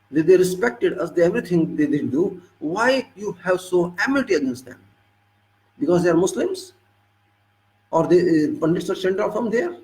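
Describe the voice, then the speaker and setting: A man's voice: a little high, a little mellow, poor audio. A man with an Indian English accent giving an impassioned monologue full of pointed rhetorical questions. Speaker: political commentator.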